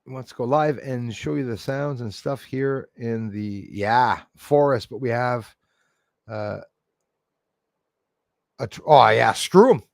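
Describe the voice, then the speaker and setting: A man's voice: medium pitch, takes it slowly, gravelly, long pauses, no room sound. Blunt, profane man ranting on a live stream. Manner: blunt, profane, rambling, laughs at critics. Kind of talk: casual live-stream rant to chat. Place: outdoors in a forest.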